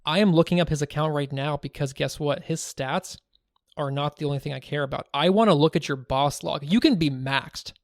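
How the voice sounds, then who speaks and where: A man co-hosting a podcast in casual chat, chatty and joking, quick to laugh. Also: a little high, fairly even intonation, gravelly, no room sound, clean studio sound. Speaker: podcast co-host.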